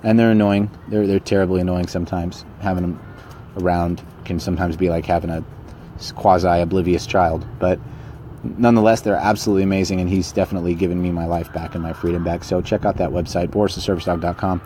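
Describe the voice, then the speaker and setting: A man's voice: deep voice, little pitch movement, quick pace, dark tone, a little hiss or hum. A man hosting a podcast, talking bluntly and casually about motivation, often repeating and restarting his phrases. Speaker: podcast host.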